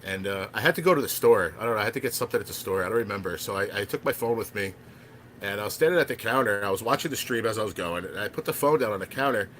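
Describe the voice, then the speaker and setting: A man's voice: on the low side, expressive, racing, fairly bright tone, a little hiss or hum. A man, a chef, sharing emotional, rambling memories of a friend on a live stream. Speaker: chef and former channel moderator.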